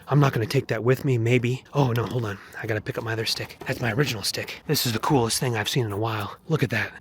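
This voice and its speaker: A man's voice: medium pitch, fairly bright tone, a little hiss or hum. A man vlogging while walking on a mountain trail, talking in an earnest, rambling, preachy way. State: walking, heart rate up. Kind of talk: casual walking vlog testimony.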